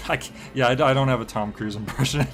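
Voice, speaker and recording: A man's voice: medium pitch, quick pace, a bit bright, faint music behind. A man giving casual gameplay commentary on a stream, joking and reacting to chat as he plays. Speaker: game streamer.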